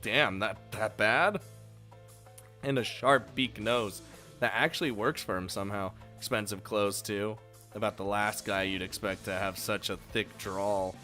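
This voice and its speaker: A man's voice: lowish voice, unhurried, sharp tone, soft background music. A man reading a visual novel aloud and breaking off into jokey, swearing, laughing asides. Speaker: let's play host.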